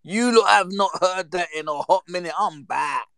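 A man, chatting casually and reminiscing with lively slang, acting out the voices in his stories. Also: sits high, normal speed, gravelly, no echo. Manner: animated, slangy, acts out quoted voices. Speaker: storyteller.

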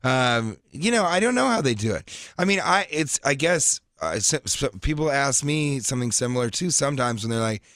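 A male comedian guesting on a radio show, telling stories in a rambling, animated way. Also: mid-range voice, fairly quick, few pauses, no room sound, studio quality. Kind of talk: casual radio interview. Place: radio studio.

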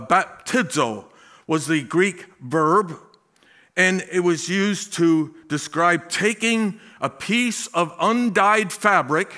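Male pastor, sermon; bright, somewhat high voice; slow emphatic delivery, folksy chuckling asides.

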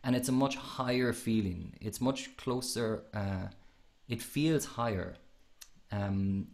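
A man's voice: mid-range voice, slow, darkish tone. A man hosting a podcast and coaching singing technique, explaining at length with frequent restarts and sung demonstrations. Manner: explanatory, many restarts, demonstrates vocal sounds. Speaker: podcast host and voice teacher.

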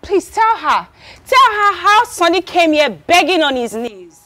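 A high, taunting Nigerian friend. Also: female voice, very animated, measured pace, bright, forceful tone, dry recording, heavily acted. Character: mocking, taunting young woman friend.

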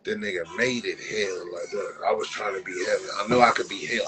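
A man's voice: fairly low pitch, a little fast, pushed and bright, soft background music, rough recording. A young man from Compton with a Southern California accent, ranting animatedly on a livestream in slang with a lot of swearing. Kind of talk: casual livestream rant.

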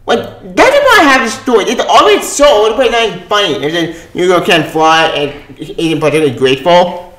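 A man's voice: a little high, very animated, brisk, fairly bright tone, roomy sound. A man giving a casual spoken comic book review. He rambles, sounds exasperated and swears often.

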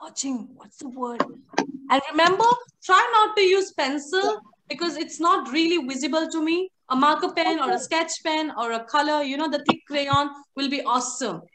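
A young woman leads an online phonics class for small children over a video call mic, her voice very high and bright with a faint hiss behind it. She coaxes and praises in a sing-song way, calling the children sweetheart and honey. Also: normal speed. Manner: sing-song, coaxing, showers kids with praise and endearments. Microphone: computer or headset mic on a video call.

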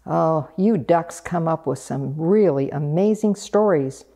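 Woman voicing a gentle, friendly Death. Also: low voice. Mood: kindly. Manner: soft, kindly, unhurried. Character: gentle friendly male Death, calm and patient. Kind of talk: storybook reading.

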